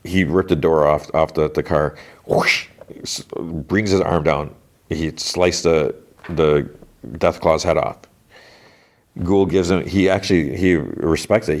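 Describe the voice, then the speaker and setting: A man's voice: a bass voice, steady tone, unhurried. A man hosting a podcast, recapping a TV episode in a loose, rambling way full of "like" and restarts. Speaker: podcast host.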